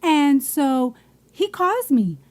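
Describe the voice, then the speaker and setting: A woman co-host spins a casual, emphatic story full of swearing. Her voice sits high, with a soft, dark tone rather than any sharpness. She talks with lively, animated energy. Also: slow pace. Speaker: podcast co-host.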